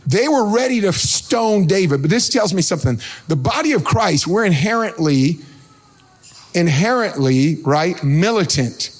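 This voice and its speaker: A man preaching a sermon as pastor, animated, breaking into sing-song shouts and calling out to the congregation. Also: high-pitched, measured pace. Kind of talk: energetic sermon.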